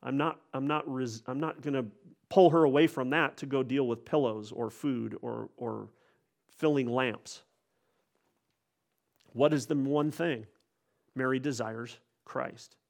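A man's voice: mid-range voice, steady tone, a little slow, gravelly, pauses often. A man preaching a sermon in an earnest way, often restarting and repeating words as he goes.

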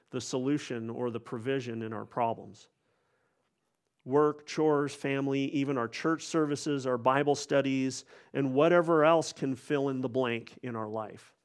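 A man preaching a sermon in an earnest way, often restarting and repeating words as he goes. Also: mid-range voice.

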